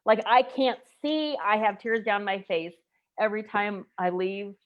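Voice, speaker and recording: A woman in her forties from the United States, telling a personal story in a casual group chat, animated and emotional. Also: mid-range voice, measured pace, highs cut off. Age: 40s.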